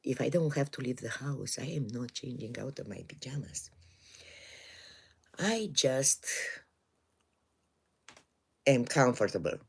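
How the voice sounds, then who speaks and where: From her home in the woods, a Romanian-accented woman in her sixties from Romania chats on her live stream in a bass voice that's expressive, breathy and marked by vocal fry. She's hesitant, full of pauses and fillers, and chuckles often.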